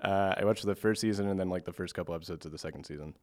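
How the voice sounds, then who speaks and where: Deep-voiced deadpan young man. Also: rapid-fire. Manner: dry, deadpan humor. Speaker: podcast guest, comedian. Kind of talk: casual chat.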